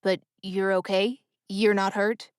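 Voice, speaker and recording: Brief: woman reading a firm, reassuring young man in a storybook audiobook, smooth and dry. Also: mid-range voice, little pitch movement, takes it slowly, no room sound, close to an everyday voice. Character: young man, steady and caring.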